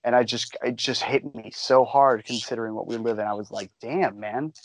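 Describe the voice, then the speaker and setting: A man's voice: medium pitch, steady tone, brisk, dry recording, poor audio. A man co-hosting a podcast, chatting casually and rambling with lots of fillers. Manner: rambling, enthusiastic, many fillers. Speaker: podcast co-host. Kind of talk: casual chat.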